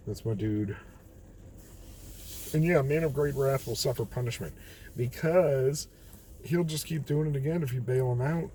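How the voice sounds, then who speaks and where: A man's voice: medium pitch, unhurried, long pauses, warm tone, a little hiss or hum, rough recording. A man reading Bible verses aloud and then reflecting on them in a plain, candid way, sitting in his car. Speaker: host of a daily Bible reading video. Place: in a car on a rainy night.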